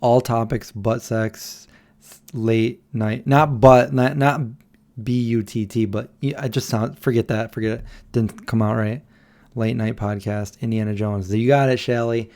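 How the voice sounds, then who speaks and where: A man's voice: mid-range voice, fairly even intonation, a little slow, warm tone. A tired man hosting a late-night livestream, rambling and answering viewers as he reads their messages aloud. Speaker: livestream host. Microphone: desk microphone.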